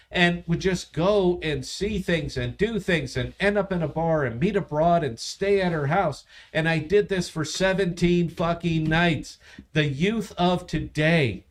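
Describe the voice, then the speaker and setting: A man in his fifties hosting a casual livestream, tipsy, profane and boastful as he tells a long story. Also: fairly high pitch. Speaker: podcast host.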